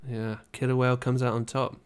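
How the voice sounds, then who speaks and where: A man's voice: medium pitch, level tone, brisk, clear, resonant tone. A man from Britain co-hosting a casual podcast chat, musing aloud and often trailing off. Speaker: podcast co-host.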